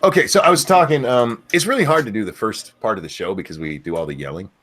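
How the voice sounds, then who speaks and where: A man hosting a casual livestream who loudly yells out viewers' names, then drops back into loose, swearing chatter. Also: on the low side, animated, quick pace, a little hiss or hum. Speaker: livestream host.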